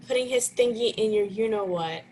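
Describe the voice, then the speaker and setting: A woman co-hosting a casual podcast, tossing in quick jokes and laughing along. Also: mid-range voice, a little mellow. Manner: quick jokey interjections, laughing. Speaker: podcast co-host. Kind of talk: casual chat. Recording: noisy recording.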